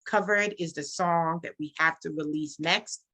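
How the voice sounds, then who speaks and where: A gospel singer and songwriter appears as a guest in a casual interview, giving a personal testimony. Her deep voice moves at a moderate pace as she tells her story earnestly and animatedly, acting out the conversations she remembers.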